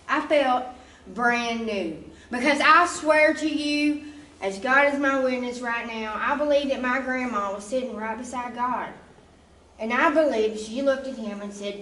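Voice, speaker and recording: High bright-voiced woman telling her testimony, chatty and emotional, echoey room, mic a bit far off. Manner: emotional, conversational, often asks "you know?". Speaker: testimony speaker. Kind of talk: spoken church testimony.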